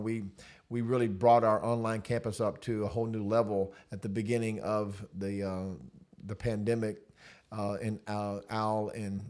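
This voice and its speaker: A man, a pastor, chatting casually about his church, relaxed and laughing easily, with many fillers. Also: fairly low pitch. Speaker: senior pastor. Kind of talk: casual chat.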